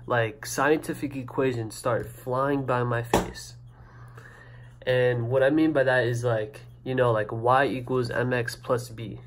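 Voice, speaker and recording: A young man telling a story to camera in a casual, excited, rambling way, full of "like" and "you know", recorded on a camera mic indoors. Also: mid-range voice, a little hiss or hum. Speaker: vlogger.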